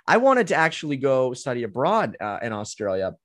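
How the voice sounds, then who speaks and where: A man's voice: medium pitch, very animated, a little fast, a bit bright, no room sound, clean studio sound. A man in his twenties hosting a sports podcast, chatting through team analysis in a loose, thinking-aloud way with plenty of filler words. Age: 20s. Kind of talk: casual hockey analysis chat.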